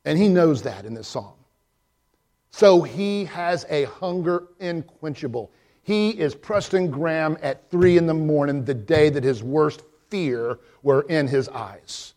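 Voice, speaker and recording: Slow-preaching male pastor. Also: fairly high pitch. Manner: impassioned preaching with sudden loud swells and quiet drops. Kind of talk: sermon.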